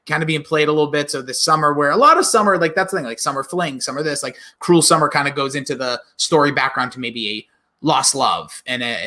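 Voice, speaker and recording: A male podcast co-host who rambles through his points in loose, chatty talk and laughs easily. His voice sits a little high and sounds bright and forceful. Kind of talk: casual chat.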